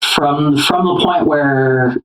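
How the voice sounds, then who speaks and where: A co-host on a casual movie discussion podcast, talking in a relaxed way with halting, repeated starts. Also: medium pitch, rough recording.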